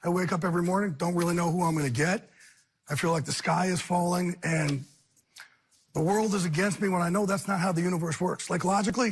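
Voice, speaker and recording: A man, a guest on a talk show, talking candidly and earnestly in intense rushing bursts. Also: high voice, husky.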